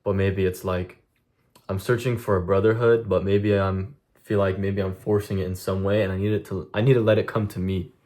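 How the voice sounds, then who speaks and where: A man's voice: deep voice, flat delivery, brisk, a little mellow. A young man streaming a blunt, profane monologue to his chat, venting intensely about discipline and cutting things out. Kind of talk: casual vlog monologue to chat.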